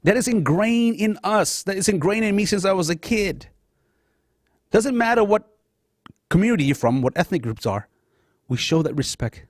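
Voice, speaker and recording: A man's voice: sits high, lively intonation, moderate pace, pauses often, dry recording, studio quality. A middle-aged man, born in Laos and a Lao speaker, hosting a talk show and giving a passionate, emotional personal monologue straight to his audience. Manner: passionate, addresses audience as guys.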